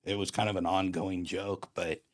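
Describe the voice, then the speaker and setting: A man hosting a podcast, telling a personal story in a casual, animated way with surfer slang. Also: sits low, moderate pace, no echo, clean studio sound. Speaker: podcast host.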